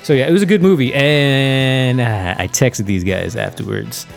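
A man's voice: mid-range voice, normal speed, creaky, soft background music. A man co-hosting a podcast in casual chat, blunt and profane, acting out quoted voices as he tells stories. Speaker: podcast co-host.

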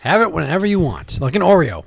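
Lower-voiced woman co-host, wild pitch swings. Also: big pitch swings, vocal fry, husky, no echo. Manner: quick joking interjections, sudden loud outbursts, swears. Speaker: podcast co-host. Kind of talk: casual podcast banter.

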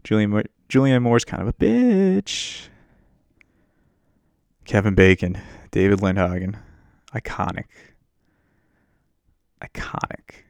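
This man hosts a casual podcast from his home setup while a work meeting sits muted, launching into a crude, rambling, self-mocking rant about a movie. His voice is fairly low and gravelly with a sing-song lilt, and he talks slowly with long pauses. There's no echo.

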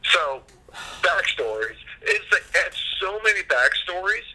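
Bright-voiced man in casual podcast chat. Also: high voice, unhurried, breathy edge, rough recording. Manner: relaxed, filler-heavy, mildly profane. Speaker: podcast co-host reviewing a film.

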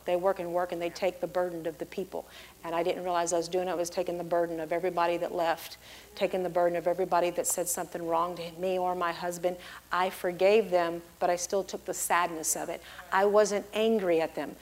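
A middle-aged pastor's wife giving a lively church testimony, acting out the people she quotes. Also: lowish voice. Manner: storytelling, acts out the people she quotes in big, loud voices.

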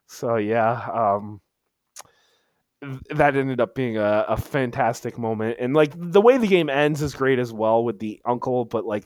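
A man's voice: mid-range voice, no room sound, clean studio sound. A man chatting casually as a podcast co-host, telling a story with lots of restarts and emphatic bursts. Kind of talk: casual chat.

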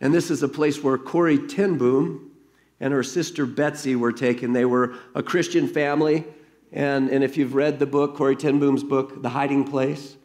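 A man's voice: mid-range voice, steady tone, moderate pace, darkish tone. A man preaching a sermon as pastor, earnest and conversational, reading a story aloud to his congregation.

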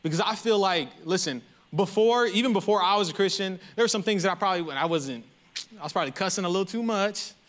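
High bright-voiced preacher man. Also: quick pace. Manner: conversational, animated storytelling. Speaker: pastor. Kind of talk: sermon.

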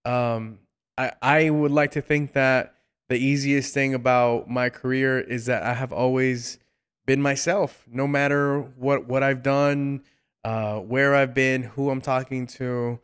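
A man's voice: medium pitch, little pitch movement, slow pace, a bit bright, smooth. A man hosting a casual interview, praising his guest and talking in loose sentences with many fillers and repeated words. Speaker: host.

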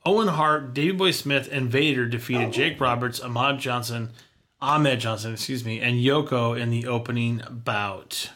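A man's voice: mid-range voice, normal speed, hardly any pauses, fairly bright tone. A man hosting a casual chat show, reading prepared notes and dropping wry quips. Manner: wry, reads facts with quips. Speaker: podcast host.

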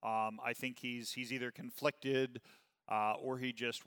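Man, Bible class teacher, bright voice, clear and crisp, casual check-ins, long hall reverb. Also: medium pitch, little pitch movement. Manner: conversational, checks in with "okay?" often; reads scripture slowly and emphatically.

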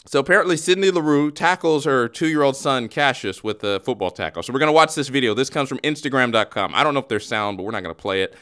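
A man's voice: mid-range voice, fast talker, hardly any pauses, a bit bright, clear, resonant tone. A man hosting a podcast in casual chat, joking around and rambling through a playful play-by-play. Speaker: podcast host.

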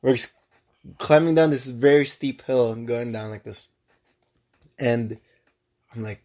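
A young man co-hosting a podcast, telling a travel story in casual chat, with lively bursts and frequent restarts. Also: mid-range voice, unhurried, long pauses. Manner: animated storyteller with many restarts. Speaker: podcast co-host.

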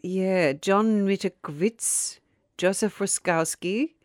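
A woman's voice: medium pitch, slow, darkish tone, no echo, clean studio sound. A woman casually telling a true crime story as a podcast co-host, rambling and often losing her place. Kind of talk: casual chat.

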